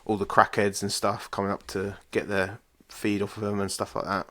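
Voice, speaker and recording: A chatty man on a podcast, talking through things at length. His voice is low but has a bright, forceful edge, and he swears in passing. He sounds like he is recommending something to a friend. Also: completely flat delivery, normal speed. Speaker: podcast co-host. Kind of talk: casual chat.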